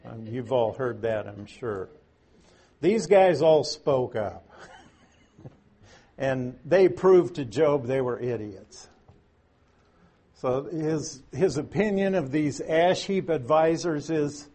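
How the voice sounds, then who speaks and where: A man's voice: on the high side, lively intonation, slow, darkish tone, breathy edge. A man teaching through Bible verses in a conversational way, with folksy asides and strong emphasis on key words.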